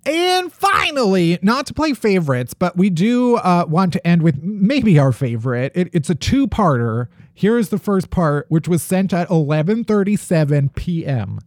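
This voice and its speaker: A man's voice: sits high, sing-song, dry recording. Male podcast host, casual and profane, dry close sound. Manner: joking, profane, quick asides. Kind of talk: casual chat.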